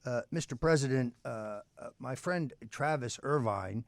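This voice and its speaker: Halting radio talk host, dry sound. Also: male voice, medium pitch, no room sound. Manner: halting, full of uh's, with grand introductions.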